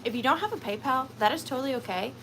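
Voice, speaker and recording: Woman, livestream sale host, chatty and giggly, slightly high voice, faint hiss behind. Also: lively intonation, quick pace, pushed and bright, rough recording. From Georgia, USA. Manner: chatty, rambling, laughs often, lots of fillers. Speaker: host of a live vintage and antique sale. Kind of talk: casual livestream chat.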